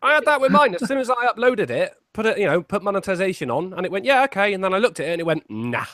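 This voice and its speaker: A man on a casual livestream, cracking deadpan jokes in a lively voice. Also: high voice, very fast, dry recording, clean studio sound. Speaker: stream guest.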